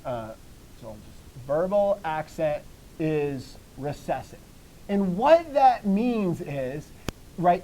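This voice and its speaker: Classroom lecture, teacher, animated pitch, encouraging, quizzes students, repeats key phrases. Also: poor audio. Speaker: Greek teacher.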